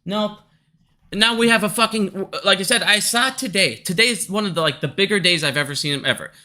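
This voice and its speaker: In a stock-focused vlog, a commentator with a high, pushed, bright voice speaks fairly quickly. He is angry and profane throughout, combatively taking on anyone who criticizes him.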